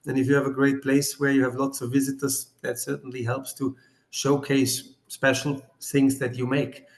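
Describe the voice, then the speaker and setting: A man at mid pitch gives a presentation on winemaking, explaining each slide in a casual, slightly non-native phrasing. His voice carries a noticeable room echo. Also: level tone, moderate pace. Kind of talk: presentation to wine writers.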